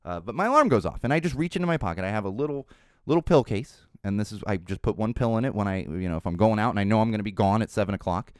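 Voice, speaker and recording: A middle-aged man hosts a casual podcast, his rather low voice swinging up and down with lots of life. He rambles as he tells stories, restarting sentences and drifting into asides. The sound is close and dry, with no room around it. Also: lively intonation, very fast, smooth, no room sound. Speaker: podcast host.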